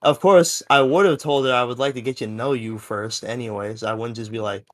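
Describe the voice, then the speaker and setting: A man's voice: medium pitch, fairly quick. A seventeen-year-old young man telling a story in a casual podcast chat, rambling and full of fillers. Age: teens. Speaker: podcast co-host.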